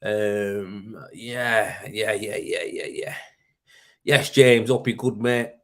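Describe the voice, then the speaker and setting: A man's voice: lowish voice, steady tone, slow pace, a bit bright. Male host, easygoing live-stream chatter, rambling, peppered with mate and man. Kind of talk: casual live-stream chat answering viewer comments.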